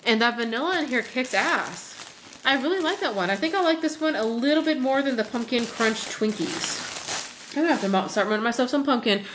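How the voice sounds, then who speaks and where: A woman with a fairly high, expressive voice talks fairly quickly while chatting casually at home in a haul vlog. She rambles with many fillers as she sniffs and reviews wax melts, a faint hiss in the background.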